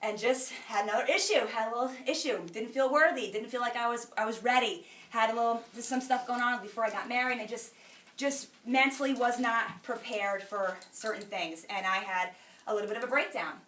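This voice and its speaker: A middle-aged woman gives a chatty, preachy motivational talk to a crowd in a large room. Her voice sits a little high and sounds bright and forceful. She is heard from some distance, and the hall adds plenty of echo. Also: fairly quick, a little hiss or hum. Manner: emphatic, chatty, preachy, laughs between lines. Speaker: sales director speaking to a group. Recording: echoey hall, speaker far from mic.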